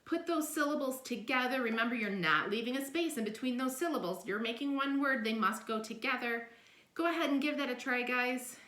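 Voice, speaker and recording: A woman's voice: high-pitched, pushed and bright, reverberant. Patient woman teaching phonics. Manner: patient, step-by-step, sounds out letters slowly. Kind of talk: phonics lesson for children.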